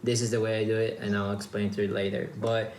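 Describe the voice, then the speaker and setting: A man's voice: lowish voice, level tone, fast talker, darkish tone. A man from Mexico hosting a casual chat, rambling loosely and trailing off mid-sentence. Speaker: host. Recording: roomy echo with faint background noise.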